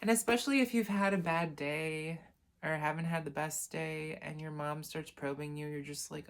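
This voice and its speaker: A woman reads aloud from a self-help book in a casual lesson, breaking off for chatty asides and correcting herself along the way. Her voice is low-pitched, her tone steady, her speed normal.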